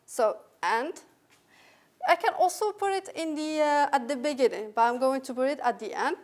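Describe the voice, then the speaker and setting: A woman with a high, light voice and a French accent walks students through English sounds. She is patient and careful, repeating each example word slowly and clearly. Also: animated. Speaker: English teacher. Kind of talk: recorded phonetics lesson.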